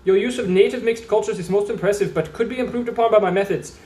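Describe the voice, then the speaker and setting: A man's voice: high-pitched, quick pace, dark tone, voice pushed up, close to an everyday voice. A man voicing a portly male adventurer with a stilted, formal, vaguely German-sounding accent, in a roomy, echoey space. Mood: grandly formal. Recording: roomy echo.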